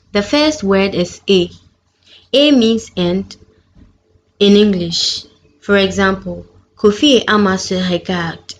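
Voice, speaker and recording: Woman language teacher, slow deliberate delivery, muffled lo-fi recording with light hiss. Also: medium pitch. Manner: clear, careful pronunciation of each example. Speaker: French teacher. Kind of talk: slow, deliberate lesson narration. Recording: dull lo-fi sound with faint background noise.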